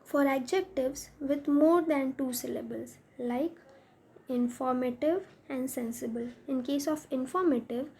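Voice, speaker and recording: A woman's voice: high voice, unhurried, darkish tone, a little hiss or hum. A woman teacher explaining a grammar lesson step by step, spelling out letters as she goes.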